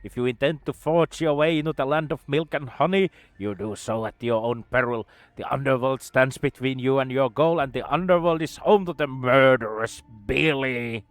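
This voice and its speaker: A man's voice: medium pitch, normal speed, no room sound, natural voice. A man voicing a wild, grandiose young lab scientist who rants theatrically while reading a video game aloud. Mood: eager, grandiose.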